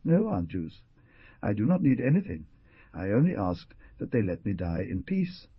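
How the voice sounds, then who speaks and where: A man's voice: fairly low pitch, very animated, moderate pace, husky, no room sound, lo-fi sound. A man voicing a bitter, despairing young man who is sick and dying, in a storybook reading.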